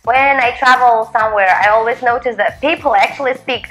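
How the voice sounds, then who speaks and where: Bubbly high-voiced woman host. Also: brisk, fairly bright tone, faint music behind, low-quality recording. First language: Russian. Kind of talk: casual chat.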